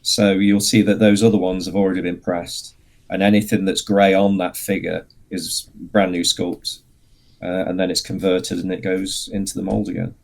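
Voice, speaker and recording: A man, a guest on a casual interview podcast, explaining his craft patiently with plenty of pauses and fillers. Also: deep voice, level tone, creaky, a little mellow. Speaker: guest, miniature sculptor and painter.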